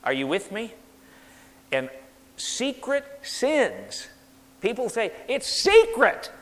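A man preaching in a church sanctuary, his voice high and swinging widely up and down. He drives points home and has the congregation repeat lines back to him, with a long reverb trailing each phrase. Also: wildly swooping pitch, slow. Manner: emphatic, leads congregation in call-and-response repetition. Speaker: pastor. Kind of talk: sermon.

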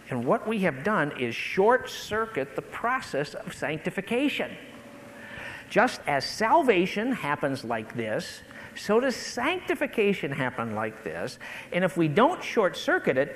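A man preaching a sermon, building to impassioned peaks and then dropping low and soft. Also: a little hiss or hum, poor audio. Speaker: pastor.

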